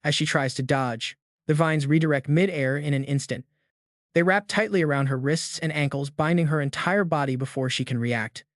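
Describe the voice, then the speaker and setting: A man giving scripted, dramatic narration as he recaps a comic story in a steady storytelling voice. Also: on the high side, moderate pace, dry recording, clean studio sound.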